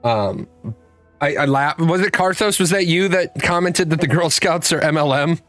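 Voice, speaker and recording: A man's voice: a little high, moderate pace, fairly bright tone, dry recording, faint music behind. A man hosting a live streamed show, chatting casually and rambling through stories with frequent restarts. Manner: rambling storyteller, restarts, talks to his cat. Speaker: livestream show host. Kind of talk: casual chat with chat readers.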